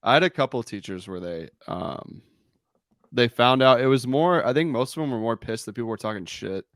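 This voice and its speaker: Young male podcast host, mid pitch, blunt joking delivery, dry close mic. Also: animated, brisk, a bit bright, no echo. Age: young adult. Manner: blunt, joking, swears freely. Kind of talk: casual chat.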